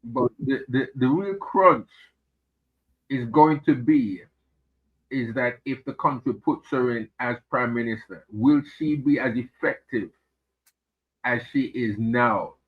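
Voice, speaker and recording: Hesitant man on a tinny phone line. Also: medium pitch. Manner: hesitant, measured, many fillers and repeated words. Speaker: regular guest commentator. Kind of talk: casual political chat.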